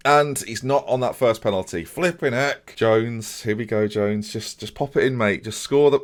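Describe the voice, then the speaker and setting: A young man commentating his own video game match, fretting one moment and shouting the next. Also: medium pitch, moderate pace, hardly any pauses. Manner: excitable, swings from fretting to shouting.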